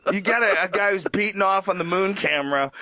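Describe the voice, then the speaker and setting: A man's voice: sits high, fast, bright, forceful tone. A man in casual podcast chat, riffing with profane comic exaggeration. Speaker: podcast talker. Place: podcast studio.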